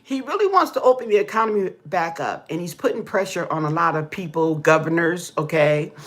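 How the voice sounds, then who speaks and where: A woman vlogger telling stories in casual chat to her viewers, animated, whooping and laughing often, checking in with "okay?" as she talks. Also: lowish voice, fairly quick. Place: indoor room with pink walls.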